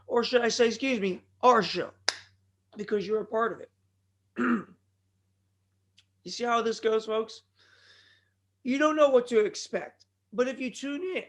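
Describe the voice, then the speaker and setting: A man hosting his own podcast, rambling off on tangents with sudden loud outbursts, his throat bothering him today. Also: very high voice. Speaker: podcast host. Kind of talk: rambling solo podcast talk.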